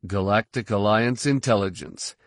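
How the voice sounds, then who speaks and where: A man voicing a calm, deadpan military general in an audiobook, measured and even. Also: lowish voice, dry recording, clean studio sound, natural voice. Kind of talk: audiobook character voice.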